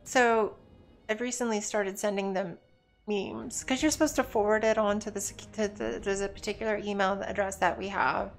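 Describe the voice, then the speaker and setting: A woman in a relaxed gaming stream, talking at an ordinary middle pitch in a loose, rambling way. She jokes and chats between moments of play, with faint music under her voice. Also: normal speed. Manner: rambling, joking, chatty. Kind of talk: casual chat while gaming.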